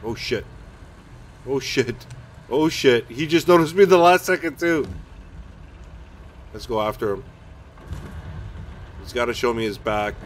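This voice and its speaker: A man's voice: mid-range voice, measured pace, pauses often, a little hiss or hum. Man, gaming streamer, casual chat, self-mocking, blurts curses, home basement. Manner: chatty, self-mocking, swears and blurts out during play. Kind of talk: casual live-stream commentary while playing.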